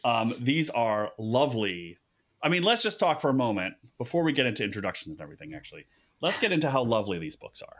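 A man hosting a podcast, talking in a casual, upbeat way with quick asides and restarts. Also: mid-range voice, sing-song, fairly bright tone. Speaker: podcast host.

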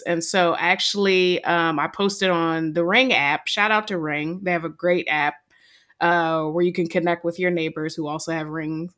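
A woman co-hosting a podcast, telling a story in a lively, casual way and giggling between words. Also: fairly low pitch. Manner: animated storyteller, giggles mid-sentence. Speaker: podcast co-host.

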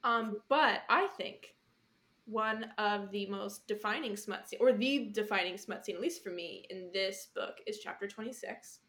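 A woman's voice: mid-range voice, a little slow, sharp tone. A woman co-hosting a chatty podcast, gushing about a book with many "um"s and "like"s and frequent giggles. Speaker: podcast co-host. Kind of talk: casual chat.

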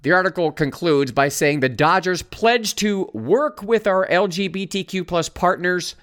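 A man's voice: sits high, a little slow, a bit bright. A man hosting a commentary show, reading news items aloud and mocking them with sarcastic asides. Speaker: host.

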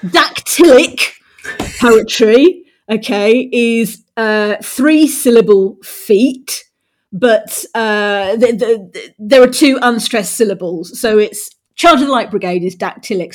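A woman's voice: a little high, slow, a little mellow. Teacherly woman explaining with playful energy. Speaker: podcast co-host. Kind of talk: casual chat.

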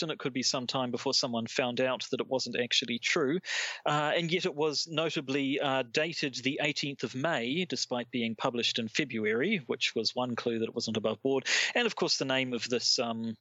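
A New man co-hosting a podcast in easy, casual chat, often stopping to restart his sentences. His voice is bright and forceful. The recording is dry and a little dull. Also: mid-range voice, no echo. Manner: hesitant, many restarts and fillers. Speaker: podcast co-host.

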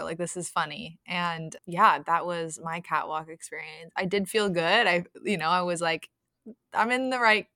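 A woman with a slightly low but bright, forceful voice tells stories in a casual podcast chat. She is animated and laughs often. The sound is close and dry. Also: no room sound. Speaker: podcast guest, sex coach.

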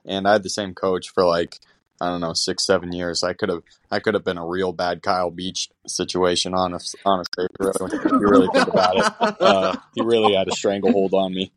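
A man's voice: low-pitched, flat delivery, fairly quick, dry recording. A man on a podcast as a guest, telling long, rambling stories and poking fun at himself. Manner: rambling, self-mocking storytelling. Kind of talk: casual chat.

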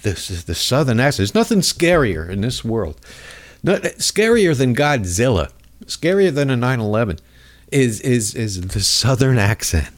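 A man's voice: medium pitch, very animated, moderate pace. A man hosting a comedic political rant in a mocking, rambling way. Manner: mocking, rambling, jumps into voices. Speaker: host.

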